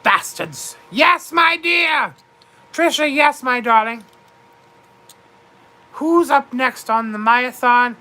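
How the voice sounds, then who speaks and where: A gushing, boozy duchess, as a woman puts her on, with a put-on British accent and a high, sparkling voice. She speaks slowly and grandly and calls everyone darling as she reads the chat of a comedic livestream. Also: expressive, sharp tone, full character voice. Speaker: livestream host in character.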